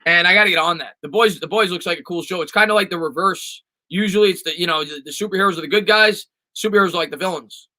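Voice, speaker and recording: On a live stream, a man with a very bright, forceful, rather high voice chats casually, reading questions from the chat and answering off the cuff. He stumbles through restarts and "um"s, talks quickly with hardly any pauses, and the audio is poor.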